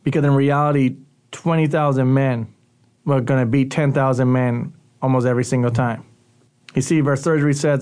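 A man's voice: medium pitch, steady tone, moderate pace, a little mellow, clear, resonant tone. A male youth pastor giving a radio sermon talk in a conversational, earnest teaching manner.

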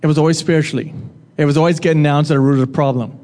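Guy preaching, chatty, quizzes the crowd, kinda high voice, long echo like a big church. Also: fairly even intonation, racing, darkish tone. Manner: conversational, asks the audience questions and jokes with them. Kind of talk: sermon.

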